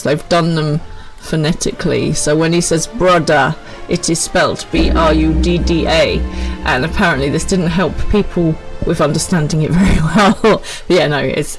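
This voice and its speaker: A woman chats casually with her viewers as she plays a game on stream. She talks in quick, friendly asides. Soft game music runs faintly in the background. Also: deep voice, low-quality recording. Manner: chatty, quick asides with laughs. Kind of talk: casual live-stream chat.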